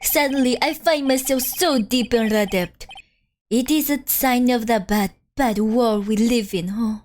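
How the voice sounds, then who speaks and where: Woman doing a put-on French accent, theatrical male restaurateur in debt, overwrought pleading, fairly high voice, game dialogue read aloud. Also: measured pace, darkish tone, slight background noise, natural voice. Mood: melodramatic.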